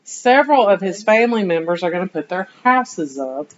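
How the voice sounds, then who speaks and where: A woman history teacher giving an animated classroom lecture, firing rhetorical questions at her students, in a dull lo-fi classroom recording. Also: medium pitch, moderate pace, slight background noise.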